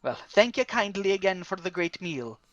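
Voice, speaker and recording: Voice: medium pitch, very animated, moderate pace, no room sound, dull audio. A player in a tabletop game, bantering jovially in and out of character.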